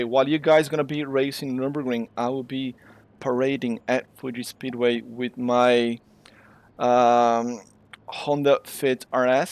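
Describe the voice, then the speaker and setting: A man from Brazil, hosting and calling a sim race with excitable, exclamatory play-by-play. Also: mid-range voice. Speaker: race commentator and host. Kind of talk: live sim racing commentary.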